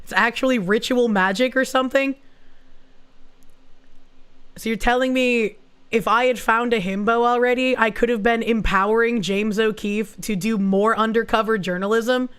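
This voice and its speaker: A woman's voice: fairly high pitch, steady tone, normal speed, fairly bright tone, clear, resonant tone. A young woman streamer giving casual, sarcastic commentary on a video, swearing and rambling as she goes.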